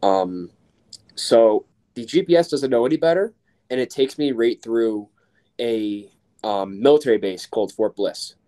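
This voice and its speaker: A man's voice: mid-range voice, a little slow, mellow. A young man from New York, a podcast guest telling a casual story with lots of fillers. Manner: rambling, filler-heavy, acts out quoted voices.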